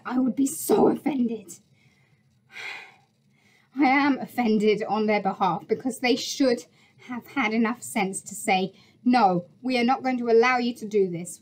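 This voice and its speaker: A woman's voice: high voice, poor audio. A woman vlogger delivering an angry, indignant rant, swearing and stumbling over her words as she restarts sentences. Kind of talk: angry ranting monologue.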